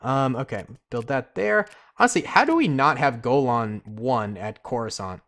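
A man's voice: medium pitch, moderate pace. Man thinking aloud over a strategy game. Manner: excitable, reacts aloud to the action, casual slang; thinks aloud with fillers while planning. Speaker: gaming channel host. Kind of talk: casual gameplay commentary.

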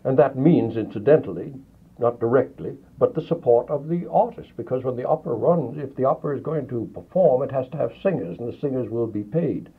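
A male guest artist in a radio studio, telling lively anecdotes and acting out the dialogue he quotes. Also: mid-range voice, a little fast, slightly rough. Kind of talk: radio interview, storytelling. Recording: narrow lo-fi 1950s radio archive.

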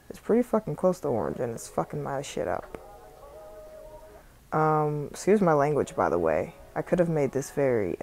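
Low-voiced Southern woman, profane and chatty. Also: a little mellow. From South Carolina. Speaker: tutorial vlogger and music artist. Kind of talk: casual screen-recording voiceover. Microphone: phone microphone.

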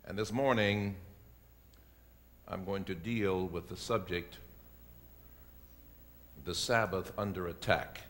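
A man, a pastor, delivering a sermon and building to loud, emphatic preaching. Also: low voice, fairly even intonation, slow, long pauses.

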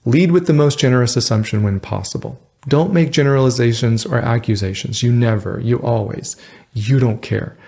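A man's voice: mid-range voice, normal speed, vocal fry, dark tone, breathy edge. A man hosting a relationship advice show, giving a scripted, earnest, instructive talk straight to the viewer.

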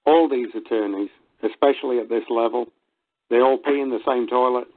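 A man's voice: medium pitch, steady tone, fairly quick. Man calling in over a tinny line. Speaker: caller. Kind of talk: phone-in conversation.

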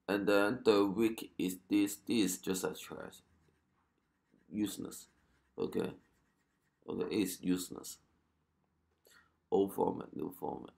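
Reaction host, male, low gravelly voice, unhurried halting English. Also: a little mellow. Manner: halting non-native English, amazed exclamations. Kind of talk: casual commentary.

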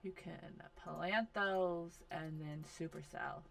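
A woman giving casual commentary over a life-simulation game, talking slowly and bossing her characters around in exasperation. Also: fairly low pitch, lively intonation, vocal fry, fairly bright tone. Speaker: gaming video host.

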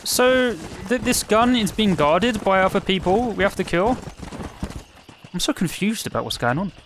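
A man's voice: high voice, animated, moderate pace, fairly bright tone, a little hiss or hum. A man giving casual let's play commentary, chatty and musing, with hesitant restarts.

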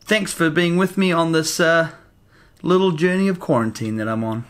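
A man vlogging casually to camera from a hotel room, chatty and excitable, laughing often. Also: fairly high pitch, normal speed. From New Zealand. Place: hotel room during quarantine.

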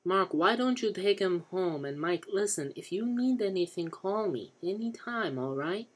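A man voicing an odd, overly cheerful man who talks in a high, strained, halting way. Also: lively intonation, slightly rough.

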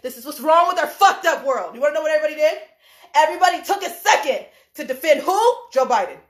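A woman with a high voice rants on a live stream from a room indoors. She is animated and laughs often, and she swears while she repeats her points for emphasis. Her phone mic picks up a roomy echo. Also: quick pace. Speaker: livestream host, dance choreographer. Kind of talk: heated livestream rant. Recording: echoey room.

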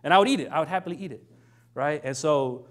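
A man's voice: a little high, fast. Conversational male minister preaching. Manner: conversational, keeps asking "right?"; acts out quoted lines in shifting voices. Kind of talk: sermon.

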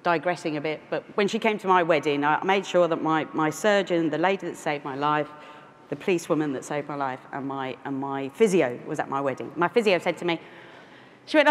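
In an echoey, faintly noisy conference hall, a deep-voiced woman delivers a keynote at a fairly quick clip. She's in her forties, from London with a London accent, and keeps restarting and poking fun at herself.

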